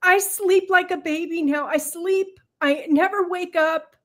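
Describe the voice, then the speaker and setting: A woman's voice: extremely high pitch, fairly even intonation, a little slow, fairly bright tone. A woman guest giving an earnest, emotional, faith-filled testimonial, at times choked up. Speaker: guest, product seller.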